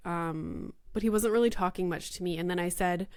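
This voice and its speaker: A young woman hosting a podcast, telling a story in casual chat full of "like" and "you know", quoting herself in lively voices. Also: on the low side, moderate pace, few pauses, clean tone, dry recording, clean studio sound. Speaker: podcast host.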